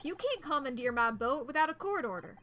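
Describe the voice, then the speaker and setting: A woman voicing an arrogant male lawyer who owns a yacht in a video game, loud and indignant. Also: high voice, expressive, brisk, slight background noise.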